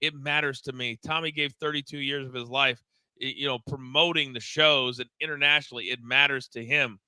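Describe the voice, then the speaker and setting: A man's voice: mid-range voice, fairly quick, smooth, dry recording, poor audio. A middle-aged man co-hosting a casual wrestling talk show, telling backstage stories with lots of stammered repeats. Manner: animated storyteller, stammers and repeats words. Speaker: podcast co-host, former wrestling coach.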